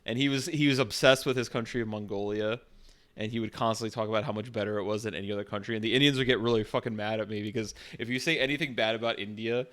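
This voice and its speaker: A man's voice: on the low side, steady tone, quick pace, fairly bright tone. A man streaming casually, rambling with frequent restarts and swearing as he chats.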